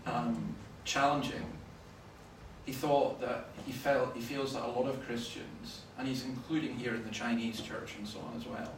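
A Scottish man preaching a sermon, telling stories with sudden loud bursts of emphasis. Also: medium pitch, level tone, moderate pace. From Scotland. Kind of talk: sermon with anecdotes. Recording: roomy, from far off, faint noise.

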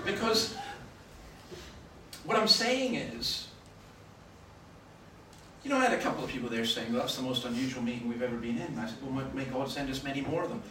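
A Scottish man preaching a sermon, telling stories with sudden loud bursts of emphasis. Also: mid-range voice, animated, fairly quick, pauses often. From Scotland. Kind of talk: sermon with anecdotes. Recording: roomy, from far off, faint noise.

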